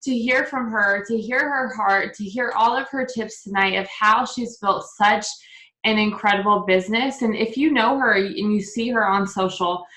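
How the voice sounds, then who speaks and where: A woman's voice: mid-range voice, moderate pace, pushed and bright, reverberant, rough recording. A woman hosting a video call, introducing her guest in a gushing, effusive way. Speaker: host.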